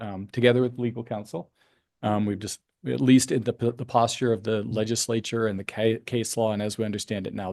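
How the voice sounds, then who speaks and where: A man's voice: fairly low pitch, creaky, darkish tone, no echo, clean studio sound. A man on planning staff explaining options at a public meeting, thinking aloud with frequent fillers. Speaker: county planning staff member.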